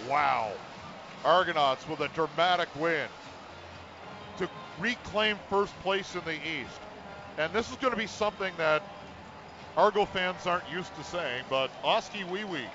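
A man doing radio play-by-play for football, shouting the call at big plays and then talking it over calmly. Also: a little high, unhurried, pauses often. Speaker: play-by-play announcer. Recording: muffled radio broadcast with stadium noise.

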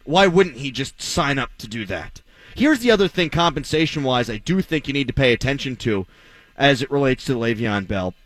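Sports radio host, male, fairly high voice with animated swings, bone-dry studio sound, blunt and sarcastic. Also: dry recording. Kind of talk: opinionated sports talk radio monologue.

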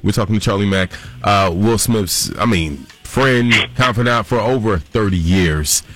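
A man's voice: lowish voice, measured pace, music in the background. A man hosting a radio show, talking in a playful and upbeat way. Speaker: radio host.

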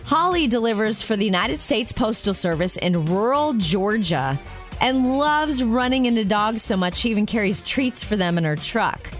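A woman's voice: fairly high pitch, lively intonation, normal speed, faint music behind. A woman co-hosting a radio show, telling stories in casual on-air chat.

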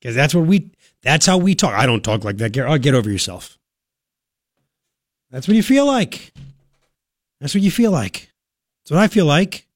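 A man's voice: a little high, sing-song, normal speed, long pauses, no room sound, studio quality. Emphatic male talk radio host. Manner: emphatic, argumentative, talks to the listener directly. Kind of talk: opinionated talk radio commentary.

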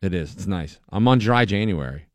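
A man's voice: low-pitched, moderate pace, no echo. A man hosting a morning radio show, joking casually with his co-hosts. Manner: relaxed, joking, plays back and forth with co-hosts. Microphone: studio microphone.

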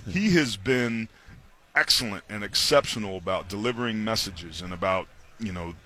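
A man's voice: lowish voice, moderate pace. A man, a former football player, chatting as a guest on a sports radio show and telling stories with impressions of coaches. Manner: animated storyteller, slips into impressions of coaches. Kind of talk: casual sports talk radio chat. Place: studio on a busy media row.

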